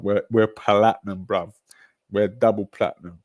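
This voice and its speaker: A young man with a low voice, bantering with his chat on a football stream. He talks in slangy, excitable bursts, and the sound is dry and close, with no room around it. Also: normal speed, no echo.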